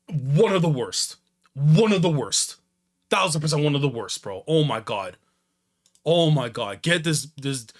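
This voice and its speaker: A young man reacting to a manga chapter, excitable and slangy, jumping between loud outbursts and low mutters. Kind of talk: animated reaction commentary.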